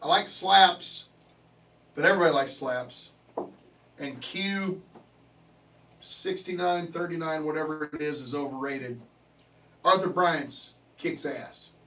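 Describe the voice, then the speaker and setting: A man's voice: on the high side, takes it slowly, pauses often, pushed and bright, far from the mic, poor audio. A man hosting a livestream, chatting casually and answering viewer comments in a profane, joking way. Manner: profane, joking, laughs often. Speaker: livestream host.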